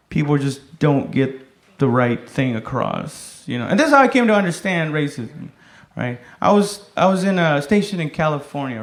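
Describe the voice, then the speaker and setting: A man doing a stand-up comedy set, telling loud, profane stories and shouting some bits. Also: on the high side. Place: comedy club stage with a laughing audience. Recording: echoey room, noisy live audience.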